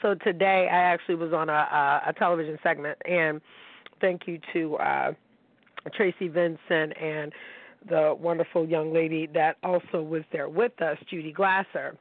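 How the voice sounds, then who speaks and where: A woman's voice: low-pitched, normal speed. A woman hosting a call-in show, talking bluntly and animatedly, with a lot of swearing. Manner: blunt, profane, animated storytelling. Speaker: podcast host. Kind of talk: casual call-in chat. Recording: tinny phone-line sound.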